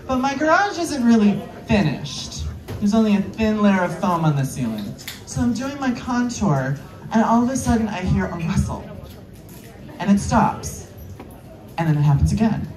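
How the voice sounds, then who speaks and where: Recorded from a distance in a roomy live venue full of crowd noise, a queer comedian works the room with playful, chatty banter during a stand-up set. The voice is mid-range and darkish, and the audience laughs and claps.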